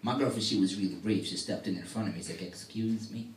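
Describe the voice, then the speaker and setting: A man doing stand-up comedy in a workout room, soft-spoken and quizzing the audience. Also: low voice, racing, a little hiss or hum. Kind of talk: stand-up comedy with crowd work. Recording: echoey room from a distant mic.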